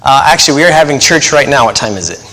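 A man, a pastor and missionary, preaching a sermon in a chatty way, laughing at his own stories and habitually talking fast while trying to slow down. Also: mid-range voice, animated, sharp tone, big-room sound. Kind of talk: sermon with joking asides.

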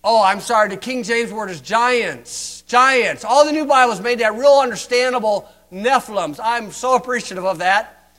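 An older American preacher delivers a sermon at normal speed in a high voice. He leans into heavy sarcasm and mockery, moving between loud emphasis and quiet, earnest asides.

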